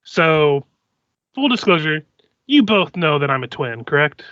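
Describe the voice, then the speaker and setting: Man playing a hesitant dwarf ex-thief, bright tone, dull dry audio. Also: on the high side, very animated, no room sound, heavily acted. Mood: confessing. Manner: hesitant, halting confession.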